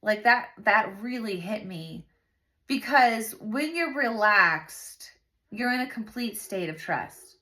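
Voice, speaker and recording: A woman's voice: medium pitch, animated, slow pace, pushed and bright. A woman in her thirties hosting a casual faith talk, chatty and earnest, with lots of fillers. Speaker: host.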